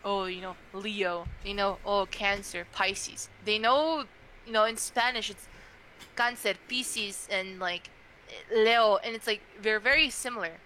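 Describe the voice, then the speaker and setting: A young adult woman chatting casually on a podcast, telling a story in a chatty, animated way with many fillers. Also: medium pitch, moderate pace, slight background noise, low-quality recording.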